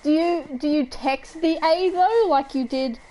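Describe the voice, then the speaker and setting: A woman's voice: sits high, unhurried, warm tone, a little hiss or hum, rough recording. A young Australian woman casually chatting while she plays a game, giggly and often trailing off into laughter. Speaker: gaming streamer.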